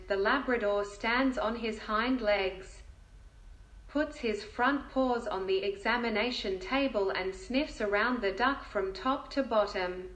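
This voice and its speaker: A woman's voice: a little high, a bit bright. Woman narrating a joke in a roomy space. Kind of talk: reading a joke aloud.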